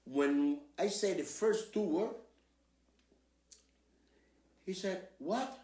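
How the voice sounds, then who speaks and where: An older man from Cuba with a Cuban Spanish accent, hosting an interview and telling lively stories, acting out the voices of the people in them. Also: slow pace, pauses often, reverberant, far from the mic. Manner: acts out quoted voices with big swings in pitch and loudness. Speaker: host. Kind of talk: animated storytelling interview.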